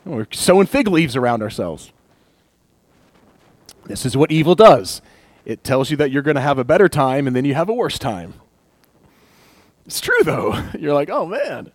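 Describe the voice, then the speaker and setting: Young male pastor, animated, slips into acted inner voices, dry close mic. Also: medium pitch, normal speed, long pauses, no echo. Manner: animated, laughs often, acts out inner voices. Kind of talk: casual sermon.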